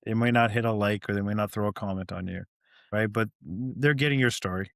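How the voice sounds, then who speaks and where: Fast-talking, lower-voiced man co-host. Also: creaky, no echo, clean studio sound. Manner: joking, supportive. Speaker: podcast co-host. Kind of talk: casual chat.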